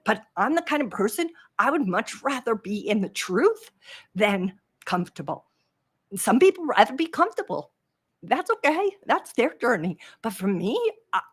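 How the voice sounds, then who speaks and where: A woman hosts a live coaching stream with a slightly husky voice. She talks in a chatty, animated way and answers viewers' comments as they come in. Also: medium pitch. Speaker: trading coach, live show host.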